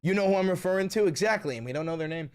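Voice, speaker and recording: A man hosting a political commentary stream, talking in a profane, excitable way and laughing often. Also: high voice, racing, clear, resonant tone. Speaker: streamer host.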